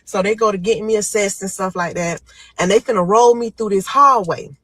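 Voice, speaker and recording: A woman's voice: mid-range voice, brisk, a bit bright, dry recording, poor audio. Young woman telling a dramatic story. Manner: dramatic, acts out her own panicked screams. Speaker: storyteller guest. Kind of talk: emotional first-person storytelling.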